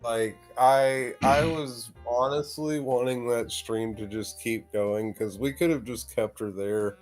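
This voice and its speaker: A man's voice: mid-range voice, fairly even intonation, slow pace, a little mellow, faint music behind. A man in casual chat on a stream, amused and laughing between his phrases.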